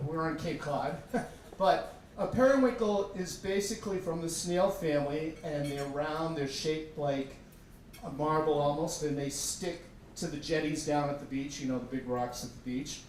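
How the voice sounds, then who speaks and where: A man's voice: a little high, normal speed, a little mellow. A man telling a humorous, self-deprecating story live to an audience in a tavern. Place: tavern stage. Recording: echoey room from far off, faint background noise.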